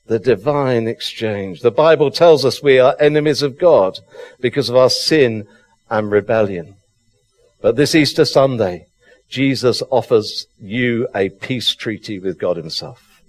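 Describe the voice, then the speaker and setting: Slow, fervent male preacher. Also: medium pitch, lively intonation. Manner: fervent, emphatic, slow deliberate delivery with repetition. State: excited. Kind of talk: sermon.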